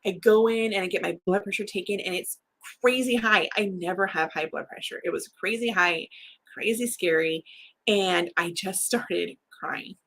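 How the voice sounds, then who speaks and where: A woman's voice: medium pitch, normal speed, a bit bright, a little hiss or hum. A woman, a writer hosting her own livestream, frankly tells a personal story with an emotional edge and frequent laughs.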